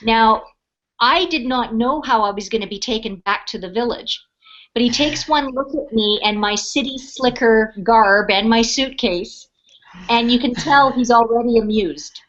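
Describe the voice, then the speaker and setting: A middle-aged woman speaking on a webinar, telling a personal story in a casual, animated way and acting out the people in it. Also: on the high side, unhurried. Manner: animated storyteller, acts out quoted voices. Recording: dull lo-fi webinar audio.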